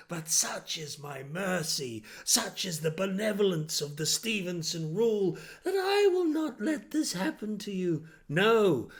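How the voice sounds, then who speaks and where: Smug villain lord, slow and grand — a man putting on the voice. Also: on the high side, gravelly, pushed and bright, pitched above the performer's own voice, exaggerated voice.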